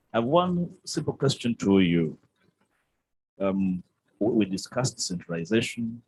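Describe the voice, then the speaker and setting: A man's voice: on the low side, a little mellow, slight background noise, low-quality recording. A man, a workshop participant, putting a question in courteous, elaborate and formal phrasing.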